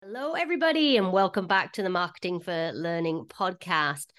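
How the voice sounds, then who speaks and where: A woman's voice: lowish voice, fairly quick, fairly bright tone. A woman hosting a podcast in a casual, chatty way, with informal slangy asides. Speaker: podcast host.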